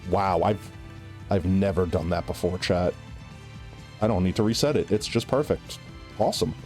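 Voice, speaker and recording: A man's voice: low voice, moderate pace, a little mellow, soft background music. A male live streamer with a nasal voice, chatting casually and rambling with lots of "like" and "right?" while he plays. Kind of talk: casual chat while gaming.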